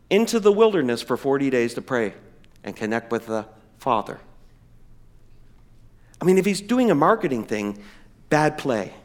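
Animated, high-voiced man preaching. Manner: animated, emphatic preaching with dramatic slowdowns. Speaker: pastor. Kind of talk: sermon.

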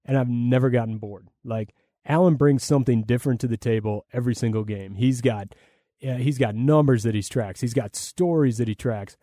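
A man's voice: medium pitch, brisk, warm tone, no room sound, clean studio sound. A man, a play-by-play broadcaster, answering interview questions in a rambling, enthusiastic way with many fillers and restarts.

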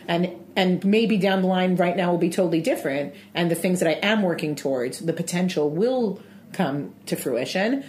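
A woman's voice: fairly low pitch, animated, moderate pace, a little mellow, a little hiss or hum. A woman guest talking reflectively in a casual discussion. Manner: reflective, thoughtful.

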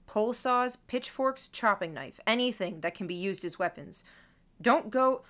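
A woman voicing a calm male church leader who raises his voice to give clear, firm orders in an audiobook. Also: medium pitch, a little slow. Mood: commanding.

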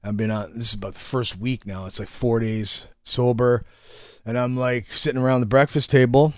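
A man's voice: medium pitch, normal speed, no echo. Profane storytelling man, dry sound. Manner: profane, animated storyteller, acts out quotes. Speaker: guest telling stories. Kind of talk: casual storytelling chat.

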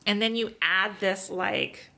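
A woman's voice: mid-range voice, slow pace, gravelly, pushed and bright. Chatty woman gushing over TV. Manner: chatty and enthusiastic, many fillers. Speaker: podcast co-host. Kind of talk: casual chat about TV shows.

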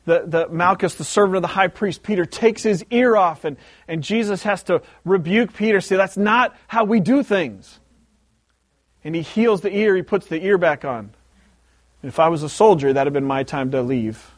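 A high-voiced male pastor delivers a sermon, retelling a story with lively animation. He circles back and repeats key words to drive each point home. The sound is close and dry, with no room around it. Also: moderate pace, no room sound.

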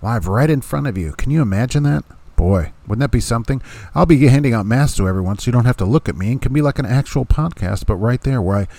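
A man's voice: mid-range voice, animated, fast, creaky, warm tone, no echo. A man hosting a podcast about trucking, talking casually in a folksy, emphatic way and answering his own rhetorical questions.

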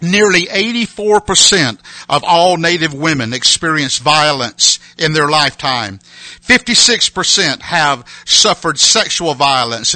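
A man preaching an earnest mission appeal, halting and repeating words with many fillers. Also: on the high side, bright, forceful tone, no echo, poor audio. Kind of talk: sermon appeal.

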